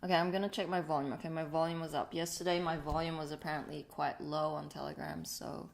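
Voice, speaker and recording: A woman's voice: low-pitched, little pitch movement, fast, vocal fry, hardly any pauses. A woman co-hosting a livestream, chatting casually and affectionately with callers. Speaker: co-host of spiritual livestream. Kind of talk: casual chat.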